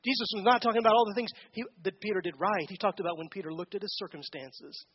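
A man's voice: high voice, fast, dull audio, slight background noise. A man giving a conversational sermon as a pastor, asking the congregation questions during a church service.

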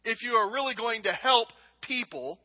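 A man's voice: extremely high pitch, moderate pace. A man in his thirties preaching a sermon as a pastor, earnest and repeating phrases for emphasis. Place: church sanctuary. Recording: dull reverberant church hall recording.

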